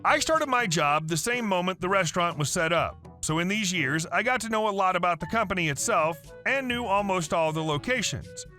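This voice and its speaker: A man reading a first-person story aloud in a lively, playful storytelling manner. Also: high voice, brisk, hardly any pauses. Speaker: story narrator. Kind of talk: scripted story narration. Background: faint background music.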